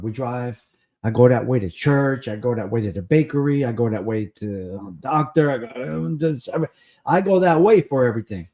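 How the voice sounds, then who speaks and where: Male live-stream host, New Jersey accent, warm mellow tone, chatty and repetitive. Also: mid-range voice. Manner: chatty, repeats phrases for emphasis. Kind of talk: casual live-stream chat.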